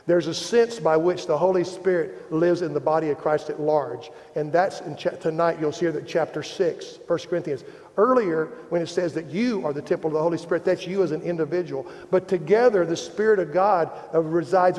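Long hall reverb fills the church sanctuary where a Midwestern American pastor preaches sincerely, making light of himself and swelling in emphasis to drive his point. His voice is fairly high-pitched and a little mellow.

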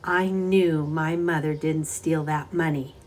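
A woman's voice: sits low, fairly even intonation, slow pace. A woman voicing a timid, tearful young woman. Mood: sad wistful. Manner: soft, wistful, hesitant.

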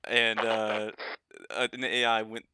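A man's voice: lowish voice, little pitch movement, slow, bright, forceful tone, slight background noise. A man streaming a military shooter game, chatting casually with his squad, laughing often and swearing freely. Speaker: gaming streamer.

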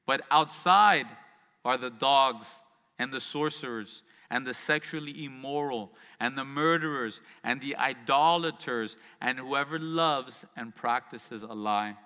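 A man's voice: medium pitch, pushed and bright, smooth, big-room sound. A man preaching a sermon as pastor, reading scripture and adding conversational asides and rhetorical questions.

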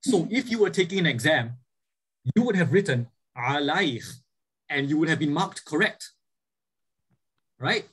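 A man's voice: fairly high pitch, lively intonation, measured pace, long pauses, fairly bright tone, slightly rough, rough recording. A man lecturing a class, explaining points and often checking in with "right?" as he goes. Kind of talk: classroom lecture with student questions.

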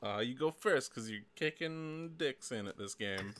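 A man's voice: medium pitch, lively intonation, unhurried, very noisy. A man streaming a game with a friend, joking, giggling and swearing often. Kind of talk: casual let's-play commentary.

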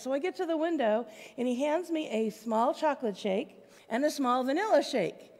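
A woman with a high voice preaches to her congregation. She talks in a conversational, plainspoken way, and her words ring out with a long reverb through the church hall. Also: expressive, moderate pace, a little mellow. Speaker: pastor. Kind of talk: sermon. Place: church sanctuary.

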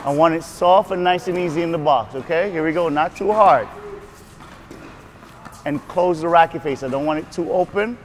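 Male tennis coach, high voice, brisk repetitive cues and praise, faint court noise behind. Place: tennis court at a racquet club.

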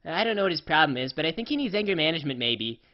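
A scatterbrained female pony, voiced by a performer, rambles through her comedic first-person story in a mid-pitched, offhand drawl, peppered with "uh" and "like". The voice sits at an ordinary middle pitch. The recording is slightly dull and lo-fi. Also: very animated, rapid-fire, lightly acted. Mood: offhand rambling.

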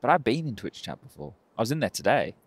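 A man's voice: medium pitch, big pitch swings, fast, slight background noise. A man with an Australian accent giving flowing live play-by-play as an esports caster. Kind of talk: live match commentary.

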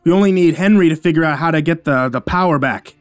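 Urgent young male crewman, voiced by the narrator, raised pitch, anxious storybook delivery. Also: fast talker, no room sound, close to an everyday voice.

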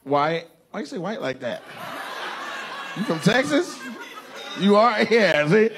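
A male stand-up comedian doing crowd work, loud and teasing, with sudden shouted outbursts. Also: high voice, very animated, measured pace, noisy background. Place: comedy club stage. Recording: live club recording with crowd laughter. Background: audience laughing.

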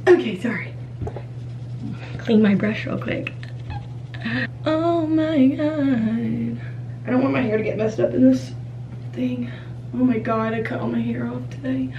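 A young woman vlogging casually on her phone, excitable, rushed and chatty, first in a car and then in a small bathroom. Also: fairly high pitch, slight background noise, poor audio. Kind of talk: casual vlog to camera. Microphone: phone held at arm's length.

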